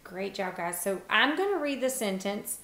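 A woman teacher giving a phonics lesson to young children, encouraging and sounding out words with pauses. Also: medium pitch, sing-song, sharp tone. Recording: echoey room.

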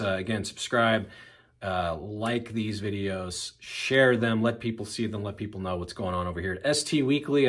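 A man hosting an online interview show, laid-back and filler-heavy as he wraps up. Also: lowish voice. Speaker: channel host, interviewer. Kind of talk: casual interview and sign-off.

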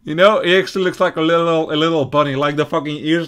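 A woman playing a video game with commentary, loud and giggly, shouting and laughing often. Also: sits low, steady tone, fast talker. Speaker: gamer.

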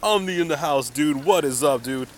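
A man's voice: medium pitch, moderate pace, slight background noise. A young man live-streaming a mobile game outdoors on a city street, chatting to viewers in a hyped, slangy way and calling everyone dude and man.

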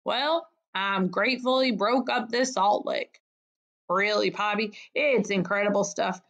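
Areath, a woman reading as a gruff old porcupine. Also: medium pitch, unhurried, fairly bright tone. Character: grumpy old male porcupine.

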